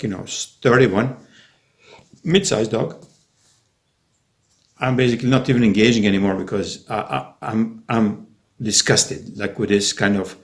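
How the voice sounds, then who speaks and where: A man vlogging in a rambling, sarcastic monologue, full of restarts and conspiratorial asides. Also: mid-range voice.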